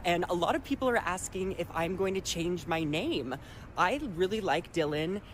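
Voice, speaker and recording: A woman's voice: fairly low pitch, background noise. A woman talking straight to camera in an upbeat vlog style, bubbly and sing-song with chirpy sign-offs. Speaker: social media video creator.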